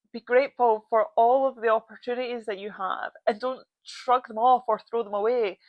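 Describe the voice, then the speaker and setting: A woman's voice: a little high, no room sound, dull audio. A woman in her thirties talks straight into a close microphone in a dry, dead room. She is blunt and swears freely, and she drives her points home by repeating short phrases. The delivery is a motivational solo podcast. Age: 30s. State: tearful, voice breaking with emotion. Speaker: podcast host.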